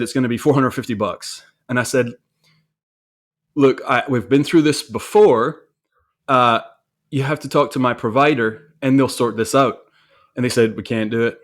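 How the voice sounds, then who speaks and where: A man telling a story about his own mistake in a candid, self-reflective way, with frequent restarts and repeated words. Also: mid-range voice. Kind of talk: conversational storytelling.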